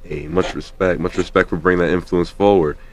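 Brief: low-voiced male college radio host, casual and slangy. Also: steady tone, fairly quick, a little mellow. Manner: laid-back, slangy, hype announcer bits.

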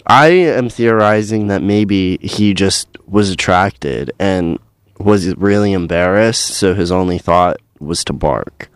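A young man co-hosting a college radio show, chatting casually and telling stories with animated indignation. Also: deep voice, slow pace, clear, resonant tone, dry recording, studio quality. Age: young adult. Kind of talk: casual chat.

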